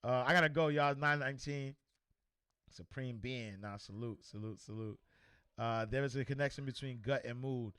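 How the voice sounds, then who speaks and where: A man hosting a casual livestream, reading viewer comments aloud and giving shout-outs in a loose, repetitive way. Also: mid-range voice, moderate pace, clear, resonant tone, dry recording. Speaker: host.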